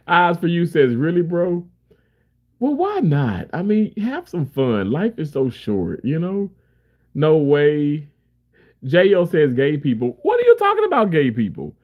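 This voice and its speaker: Male streamer with a high, bouncy voice, casual and rambling as he answers chat. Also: big pitch swings, takes it slowly, highs cut off. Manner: rambling, laughing, chatty. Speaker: livestreamer reading chat.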